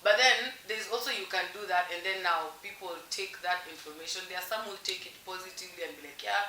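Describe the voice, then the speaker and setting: Woman, casual panel guest, reflective, very bright tone, echoey room. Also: lowish voice, fast talker. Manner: reflective, quotes other people. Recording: echoey room, distant mic, faint hiss.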